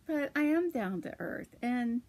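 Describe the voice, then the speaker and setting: A woman's voice: fairly high pitch, expressive, a little slow, a little mellow. A middle-aged woman hosting a podcast from her yarn shop, chatting casually and laughing often as she tells stories and shows knitting patterns. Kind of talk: casual chat about knitting.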